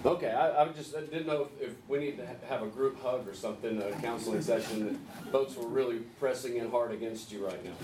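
A man leading a group Bible study, conversational and gently teasing, asking the group questions. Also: medium pitch, fast. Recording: echoey room, distant mic, faint hiss.

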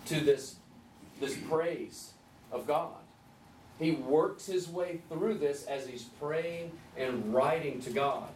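A man leading a group Bible study, conversational and gently teasing, asking the group questions. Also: a little high, takes it slowly. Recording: echoey room, distant mic, faint hiss.

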